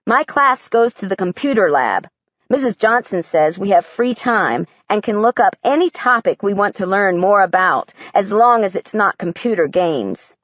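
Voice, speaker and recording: A woman's voice: mid-range voice, expressive, moderate pace, a bit bright, no echo, lo-fi sound. A woman reading a first-person audiobook in a plain, matter-of-fact storytelling voice. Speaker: audiobook narrator.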